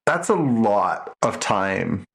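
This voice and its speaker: A man's voice: on the low side, sing-song, slow pace, vocal fry, a bit bright. Rambling middle-aged male podcast host. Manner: rambling, many restarts and fillers. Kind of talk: casual chat.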